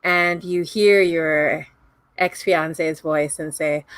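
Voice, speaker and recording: Lively woman game master. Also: low-pitched. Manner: lively, quick to laugh. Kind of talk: narrating a tabletop game.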